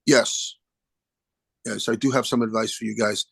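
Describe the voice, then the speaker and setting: An older man, a guest musician chatting in an interview, animated and acting out the people he quotes. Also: lowish voice, moderate pace, gravelly, husky, no room sound. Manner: animated storyteller, acts out phone calls in quoted voices. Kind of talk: casual interview chat.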